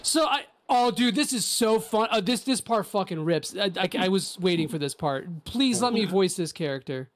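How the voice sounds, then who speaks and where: Hyped guy on a game stream, kinda high voice, jokes and swears a lot. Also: moderate pace, hardly any pauses. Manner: excitable, joking, profane. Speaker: streamer playing an RPG with friends. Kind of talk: casual gaming banter.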